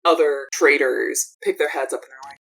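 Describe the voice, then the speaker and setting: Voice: medium pitch, normal speed, creaky, fairly bright tone, poor audio. A game master narrating a tabletop game in a loose, rambling way full of fillers.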